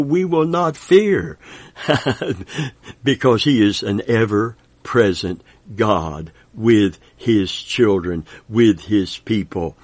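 A man's voice: medium pitch, no echo. A man in his seventies preaching a sermon with an emphatic, repetitive cadence, quoting scripture and praising God. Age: 70s.

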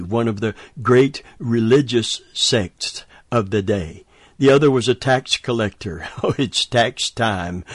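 A man's voice: mid-range voice, no room sound, clean studio sound. A man preaching a sermon, emphatic and chuckling between points.

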